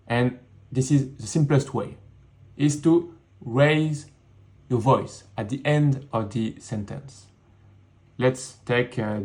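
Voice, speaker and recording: Male teacher, slow and deliberate, beginner lesson from a home studio. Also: medium pitch. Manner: slow, repeats words in English and French. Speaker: French teacher.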